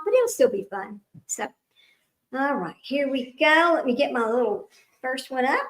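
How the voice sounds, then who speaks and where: This is a middle-aged woman hosting a casual livestream trivia game. Her voice sits high, and she rambles from one aside to the next. She laughs often and talks to her audience as old friends. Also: poor audio.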